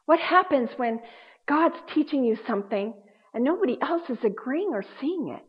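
A woman preaching a sermon, swinging between loud emphasis and hushed, quiet passages. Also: high-pitched, lively intonation, moderate pace, breathy edge. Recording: dull lo-fi sound.

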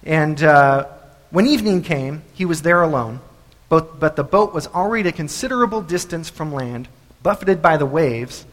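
A man preaching a sermon, telling the story in an animated way and repeating phrases for emphasis. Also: a little high. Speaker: pastor. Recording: echoey hall.

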